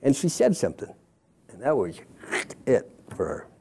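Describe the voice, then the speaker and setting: A man's voice: medium pitch, wildly swooping pitch, moderate pace, vocal fry, warm tone, breathy edge. A middle-aged man, a former church member, telling his story in a candid, rambling way, often stopping himself and quoting what others said. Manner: rambling, self-interrupting, quotes others in passing.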